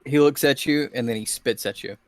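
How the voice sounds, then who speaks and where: A man running a tabletop game as game master, narrating with many pauses and fillers. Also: mid-range voice, no echo. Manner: hesitant, filler-heavy narration.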